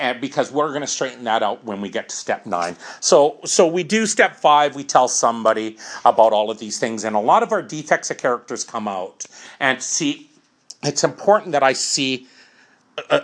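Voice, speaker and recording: This is a woman speaking to a recovery group in plain, everyday words, working through the steps one by one. She keeps returning to examples from her own life. Her voice swings widely in pitch as she talks. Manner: conversational, explains through first-person examples. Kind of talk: informal talk on recovery steps.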